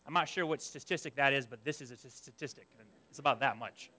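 A young adult man preaching a sermon, telling a personal story in an animated way and acting out his own past complaints. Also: medium pitch, fast talker. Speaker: pastor.

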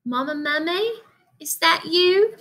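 A woman voicing a small, brave baby mummy boy who calls out in a high, pleading voice. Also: expressive, takes it slowly, pushed and bright, full character voice. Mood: calling out.

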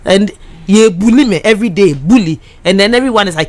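A Ghanaian woman crying as she speaks on the radio, halting and repeating herself as she slips between English and Twi. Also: mid-range voice, lively intonation, no room sound. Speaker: radio guest. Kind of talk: emotional on-air confession.

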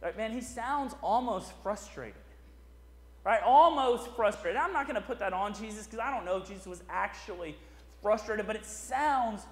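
A man's voice: high-pitched, expressive, normal speed. A man preaching a sermon as pastor, in a conversational style full of "right?" asides. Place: church sanctuary. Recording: echoey church hall.

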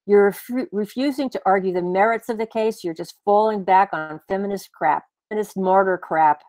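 A woman's voice: mid-range voice, normal speed, darkish tone, dry recording, close to an everyday voice. A woman voicing an argumentative, dismissive man who lectures his companion in a cafe, in a dry room. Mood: irritated. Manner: condescending, lecturing.

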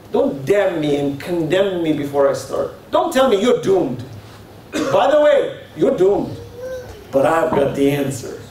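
A man giving a religious lecture, telling stories and acting out both sides of conversations. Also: high-pitched. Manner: animated storytelling, acting out dialogues. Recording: very echoey hall, speaker far from mic, faint hiss.

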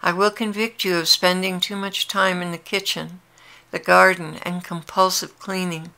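A woman's voice: fairly low pitch, level tone, moderate pace, vocal fry. A woman voicing a tender, pleading Jesus. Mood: warning. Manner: earnest, intimate, gently pleading. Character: tender, longing adult male Jesus addressing his brides. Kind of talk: devotional prophetic dialogue.

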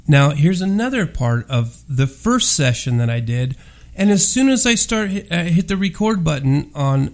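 A man's voice: high-pitched, darkish tone. A man hosting a paranormal audio show, ranting in a profane, rambling, emphatic monologue.

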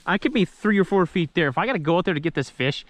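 A young man from Saskatchewan, vlogging casually while wading in a weedy creek, often breaking into excited exclamations. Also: sits high, fast talker, no room sound. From Saskatchewan, Canada. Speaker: fishing vlogger. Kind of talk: casual outdoor vlog narration. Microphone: phone camera.

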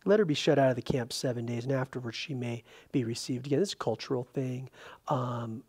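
A man pastor preaching a conversational Bible-study sermon, animated, with frequent restarts and filler words. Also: medium pitch, fairly quick, breathy edge. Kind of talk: expository sermon. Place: church sanctuary.

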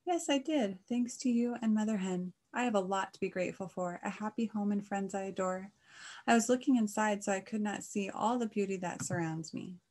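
A woman's voice: mid-range voice, a little fast, darkish tone, close to an everyday voice. A woman voicing a sad, gloomy male cow in a children's storybook, speaking in a plaintive, mumbling way. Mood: grateful. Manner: glum, plaintive.

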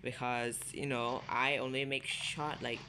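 A man's voice: level tone, measured pace, faint music behind. A young man giving casual commentary while playing a mobile shooter, jumpy and constantly swearing, yelping when startled. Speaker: mobile shooter game streamer. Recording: noisy low-quality audio with loud hiss.

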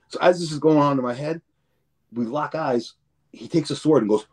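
His voice runs a little high with a breathy edge, and he talks briskly. On a podcast, this guest tells stories casually in a rambling, foul-mouthed way, repeating words as he plays out each scene.

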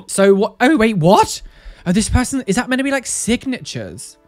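A woman's voice: on the high side, big pitch swings, moderate pace, darkish tone. A young woman hosting a reaction video, with casual, sarcastic commentary full of exclamations. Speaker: tattoo reaction video host.

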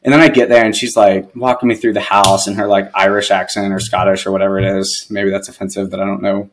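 A man's voice: low-pitched, level tone, fast talker, slight background noise, rough recording. A man who is a guest on a podcast, telling stories casually and rambling with lots of filler words. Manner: rambling, heavy use of "like". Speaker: podcast guest, real estate investor. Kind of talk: casual storytelling.

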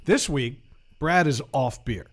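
A man's voice: mid-range voice, expressive, takes it slowly. A man hosting a podcast, joking and swearing through a casual group chat with friends. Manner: profane, joking. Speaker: podcast host.

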